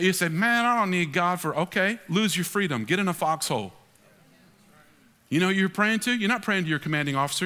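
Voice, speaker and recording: A middle-aged man, preaching a sermon as pastor, emphatic and animated. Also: fairly high pitch. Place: large church hall. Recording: long hall reverb.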